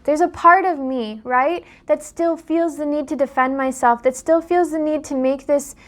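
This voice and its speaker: A woman's voice: high-pitched, fairly even intonation, moderate pace, fairly bright tone. A young adult woman, a life coach, talking straight to her viewers in an impassioned vlog monologue full of rhetorical questions. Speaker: life coach and dream interpreter. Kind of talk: direct-to-camera vlog monologue.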